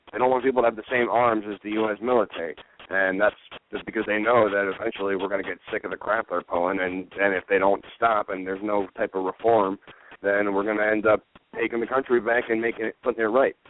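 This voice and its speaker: Low-voiced man on a tinny line. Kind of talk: talk show on a phone line.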